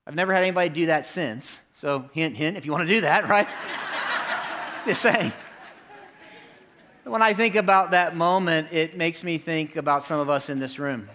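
A middle-aged man preaching a sermon to his congregation in a church, telling a story with lively, animated delivery. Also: moderate pace, a little hiss or hum. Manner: animated storytelling, jumps up in pitch for quoted lines. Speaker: pastor. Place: church sanctuary.

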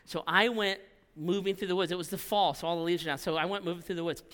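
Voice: medium pitch, fairly even intonation, fast talker, a bit bright, in a large hall. A pastor preaching a sermon, telling a story with repeated phrases and frequent "right?" tags.

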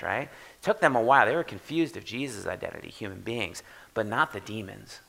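A man preaching a sermon in a conversational way, often checking in with "right?" and swinging from quiet to loud for emphasis. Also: medium pitch, expressive, fairly quick, creaky. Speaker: pastor.

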